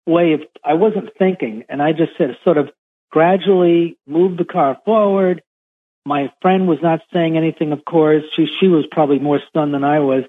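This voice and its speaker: Husky man telling his story over a phone line. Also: on the high side. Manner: halting, repeats words, rambling first-person account. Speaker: caller recounting a UFO encounter. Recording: tinny phone line on radio.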